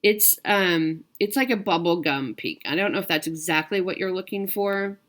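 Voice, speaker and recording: A woman's voice: fairly low pitch, moderate pace, a bit bright. A woman from the United States hosting her own stitching video, chatting casually to viewers with lots of fillers and restarts. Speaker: cross-stitch video host.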